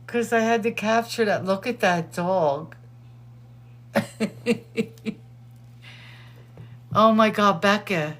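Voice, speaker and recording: Chatty, excitable woman host, unhurried. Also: medium pitch. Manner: excitable, chatty, laughs often. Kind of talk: casual chat.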